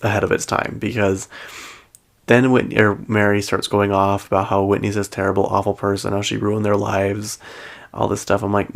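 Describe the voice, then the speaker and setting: A man with a low, gravelly voice hosts a pop culture show and recaps celebrity and reality TV gossip. His talk is loose and chatty, full of "like" and "um", with laughs between sentences. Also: little pitch movement, normal speed. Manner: chatty, heavy use of "like" and "um".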